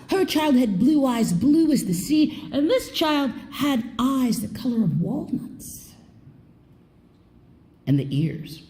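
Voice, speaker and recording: Expressive woman storyteller, low mellow tone. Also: takes it slowly. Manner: expressive, swoops in pitch, drops to a hush. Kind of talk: live storytelling performance. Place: theater stage before an audience.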